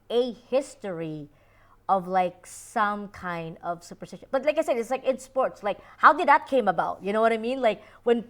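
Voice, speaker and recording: A woman's voice: mid-range voice, a bit bright. A woman from the Philippines co-hosting a podcast, chatting casually and rambling with lots of "like" and "you know". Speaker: podcast co-host. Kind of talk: casual chat.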